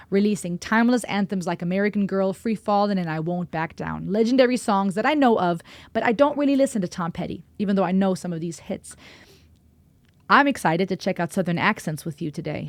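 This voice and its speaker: A woman's voice: mid-range voice, a little mellow, no echo. Upbeat woman, dry sound. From Germany. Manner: upbeat, chatty and explanatory. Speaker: music reaction host. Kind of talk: music reaction commentary.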